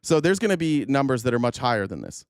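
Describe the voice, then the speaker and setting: A man's voice: mid-range voice, sing-song, fast, smooth, dry recording, studio quality. A man streaming political commentary on YouTube, sarcastic and heated, rambling and swearing as he argues with his chat. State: openly angry. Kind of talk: casual live-stream commentary.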